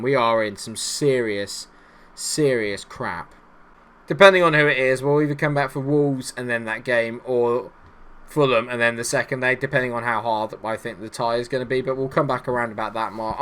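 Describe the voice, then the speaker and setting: A man giving casual, self-mocking gameplay commentary, swinging between low mutters and loud, exasperated outbursts. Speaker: gaming YouTuber.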